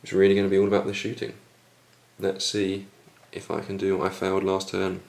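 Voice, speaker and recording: A man recapping his turn in a tabletop wargame battle report, going hoarse as he loses his voice. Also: deep voice, fairly quick. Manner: steady recap of dice results. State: losing his voice. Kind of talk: casual battle report commentary.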